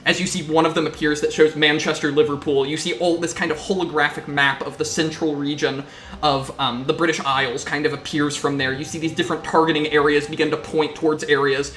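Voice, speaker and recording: A man's voice: fairly high pitch, little pitch movement, a little fast, a bit bright, roomy sound. A man serving as game master, narrating a tabletop game in a loose, descriptive way full of fillers.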